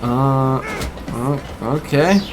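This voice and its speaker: A streamer with a mid-range voice draws out his words over background noise while playing a mobile game. He talks casually, makes mildly critical remarks and responds to what his chat says.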